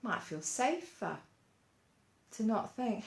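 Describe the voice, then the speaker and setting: A woman leading a gentle mindfulness lesson for children, coaxing them along with lots of playful questions. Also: fairly high pitch, very animated, slow. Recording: roomy echo.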